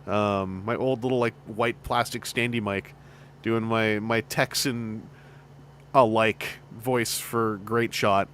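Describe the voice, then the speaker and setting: A Canadian man around forty chatting casually on a livestream, animated and laughing often. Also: lowish voice, takes it slowly, a little hiss or hum. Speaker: streamer host and fan voice actor.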